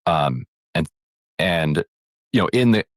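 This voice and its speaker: A man with an extremely deep voice discusses politics in a loose, rambling podcast style. He restarts sentences often and paraphrases what others said. The sound is dry and close to the mic. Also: animated, slow pace, no room sound. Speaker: podcast co-host.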